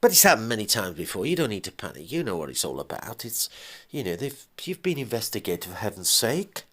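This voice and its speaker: Man doing a composed, sly businesswoman, calm and mocking. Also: lowish voice, brisk, husky, voice pushed up, exaggerated voice. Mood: cool. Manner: cool, unbothered, dryly teasing. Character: calm, shrewd divorced businesswoman, coolly mocking.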